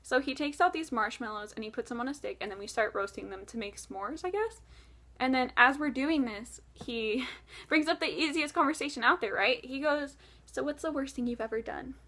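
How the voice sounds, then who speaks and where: A woman tells a long story to her camera in a chatty, animated way, scattering "like" through her sentences. Her voice sits a little higher than most women's. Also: moderate pace. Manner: chatty, animated, many "like" fillers. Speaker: vlogger.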